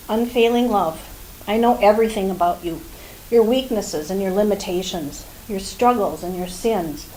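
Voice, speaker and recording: A woman's voice: medium pitch, darkish tone, a little hiss or hum, low-quality recording. A woman reading a devotional passage and scripture verses aloud to a group, a little out of breath. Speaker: group participant giving a devotion.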